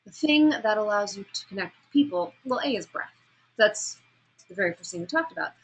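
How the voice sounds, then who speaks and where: A woman teaches a public speaking class, lecturing in a lively way and demonstrating pitch and emphasis as she explains. The recording is slightly rough and low quality.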